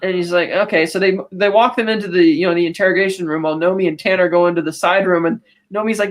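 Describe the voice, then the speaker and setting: A woman co-hosting a podcast, casually recapping a film and quoting characters in quick asides. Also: on the low side, steady tone. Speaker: podcast co-host.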